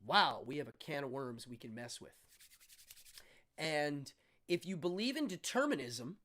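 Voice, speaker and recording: A man in his fifties hosting a live stream, chatting casually in a laid-back, slangy way and thanking viewers by name. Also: on the high side. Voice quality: laid-back, slangy, with frequent ums and uhs. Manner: upbeat sign-off, shouting out viewers by name. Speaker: host.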